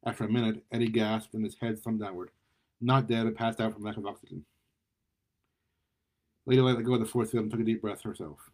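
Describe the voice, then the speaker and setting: A man reading a superhero story aloud in a lively way, often stumbling and repeating words. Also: fairly low pitch, brisk, long pauses. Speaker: story reader.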